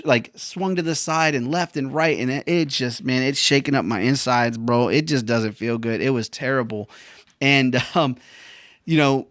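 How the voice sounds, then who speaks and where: A man's voice: medium pitch, no room sound, studio quality. A veteran man telling a personal story in a casual, slangy way, often saying bro and man. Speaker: veteran vlogger.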